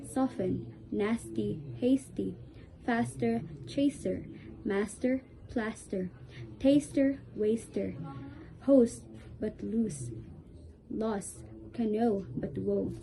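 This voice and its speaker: A woman's voice: medium pitch, drawn-out words, gravelly, warm tone, slight background noise, rough recording. A woman reciting a rhyming poem, carefully sounding out each word in lists.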